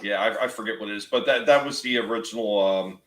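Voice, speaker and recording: A man's voice: lowish voice, quick pace, a little hiss or hum. A man hosting a podcast, talking bluntly and profanely, reading out chat comments. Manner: blunt, profane, laughs often. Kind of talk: casual chat. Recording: roomy echo.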